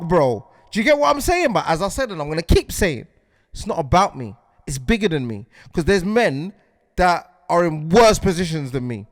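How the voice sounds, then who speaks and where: Guy in his 40s ranting on his podcast, high voice, dry close sound, keeps asking do you get me. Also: no room sound. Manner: heated, repetitive, asks "do you get what I'm saying". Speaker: podcast host. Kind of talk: impassioned podcast monologue.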